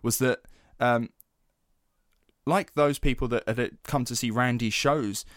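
A man in his young adult years spins a story for a podcast, animated and loose, peppering it with swearing and "like"s. His voice sits at an ordinary middle pitch. It is recorded close and dry, with no room sound. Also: takes it slowly, dry recording. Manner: animated, swears freely, many fillers. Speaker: podcast host. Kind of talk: casual storytelling chat.

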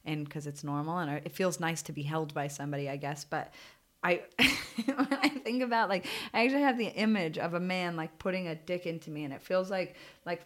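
A young woman tells a personal story in a candid, unfiltered way, swearing freely and dropping plenty of fillers. Her voice sits on the lower side for a woman. She speaks as a podcast host in relaxed, open conversation. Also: a little fast. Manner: frank, emotional, swears freely, many fillers.

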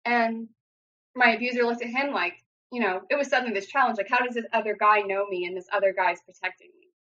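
Bright-voiced young woman telling her story. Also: on the high side, fast. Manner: earnest, frequent "like" fillers. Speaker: guest sharing her story. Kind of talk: personal storytelling. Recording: dull lo-fi audio.

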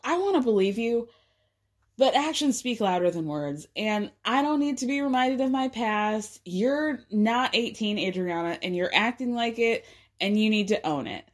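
A woman's voice: a little high, expressive, moderate pace. A woman voicing a defensive, guarded mother who speaks firmly and sounds wounded.

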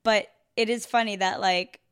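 A woman's voice: mid-range voice, steady tone, moderate pace, fairly bright tone, smooth. A woman co-hosting a podcast in casual chat, talking with lots of fillers and restarts and laughing often. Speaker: podcast co-host.

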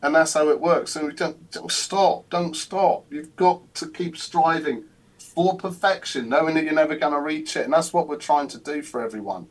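A man's voice: on the high side, normal speed. A man with an English accent, a football club chairman, talking casually and at length with many hesitations and repeated words. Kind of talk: casual chat.

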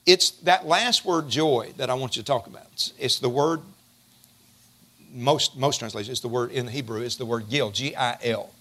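A man preaching a sermon in a folksy, animated way, calling on his congregation to respond. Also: medium pitch, normal speed.

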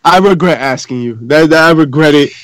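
A man's voice: on the high side, a little fast, over a noisy crowd. A man co-hosting a wrestling podcast, bantering and teasing his friends. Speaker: podcast co-host. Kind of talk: casual wrestling chat.

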